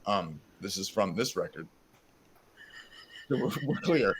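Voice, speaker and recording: Casual male co-host, swearing and meandering, mock drawl, low hiss behind. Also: animated, a little slow, fairly bright tone. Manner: rambling, profane, self-mocking, slips into a put-on Southern drawl. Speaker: podcast co-host. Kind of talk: casual chat.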